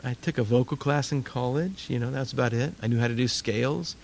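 A man's voice: mid-range voice, fairly quick, gravelly, darkish tone, a little hiss or hum. An older man preaching a sermon, telling stories animatedly and acting out voices. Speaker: pastor.

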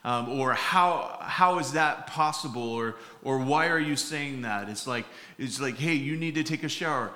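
Speaking at a measured pace with hardly any pauses, a pastor delivers a sermon in a fairly high, animated, sharp-toned voice that echoes through the room. He acts out the characters in his humorous stories, with plenty of fillers and restarts along the way.

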